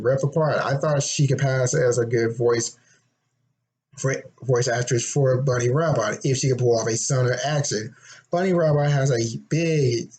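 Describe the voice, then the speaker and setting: Young man, casual talk, rambling, frequent throat clearing, slightly hoarse. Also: mid-range voice, a little mellow, rough recording. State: a little hoarse, throat getting sore. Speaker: fan presenting his game concept. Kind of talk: casual unscripted monologue.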